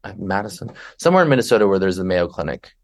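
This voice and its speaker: A man's voice: low-pitched, rapid-fire. A man talking as a podcast guest, animatedly telling stories and acting out the people in them. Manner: animated storyteller who acts out passengers and himself. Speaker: podcast guest, flight attendant. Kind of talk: conversational podcast interview.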